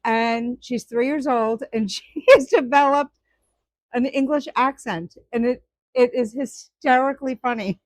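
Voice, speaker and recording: An older woman who vlogs about woodturning chats casually to camera in a high voice at a measured pace. She laughs often while telling a story, and there's no echo.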